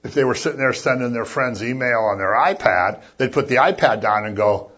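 Husky-voiced pastor preaching casually. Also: male voice, mid-range voice, a little fast, few pauses, highs cut off. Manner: conversational, with jokey asides and sudden loud emphasis. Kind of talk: sermon.

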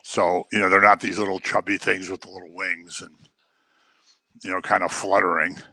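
A man preaching a sermon in an animated way, acting out the voices he quotes. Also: sits low, normal speed, slightly rough, no room sound.

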